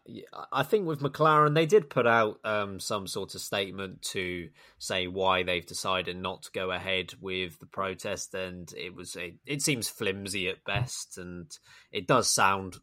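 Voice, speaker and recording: Bright-toned man, dryly teasing. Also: low voice, a little slow. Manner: dry, teasing, leads the discussion. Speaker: podcast host. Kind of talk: casual chat.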